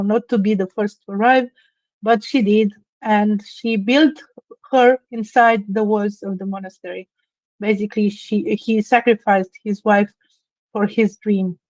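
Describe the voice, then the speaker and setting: A woman's voice: mid-range voice, darkish tone, no room sound, low-quality recording. Earnest woman, dry sound. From Romania. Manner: earnest, emotional, storytelling with many pauses. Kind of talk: casual chat.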